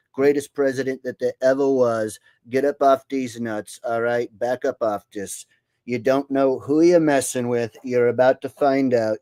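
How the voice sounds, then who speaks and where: A man's voice: medium pitch, darkish tone, clear, resonant tone, no echo, lightly acted. A man putting on the voice of a boastful older president who rambles and keeps saying "all right?". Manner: repeats "all right?", brags and boasts, mocking. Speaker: host doing an impression. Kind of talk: comedic impression.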